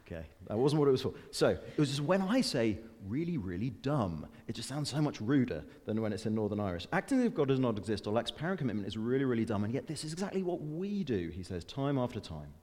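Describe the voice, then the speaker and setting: Earnest preacher in a reverberant hall. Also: male voice, medium pitch, big pitch swings, darkish tone. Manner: earnest, with rising emphatic peaks and slowed, weighty readings; chatty, self-deprecating asides. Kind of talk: sermon.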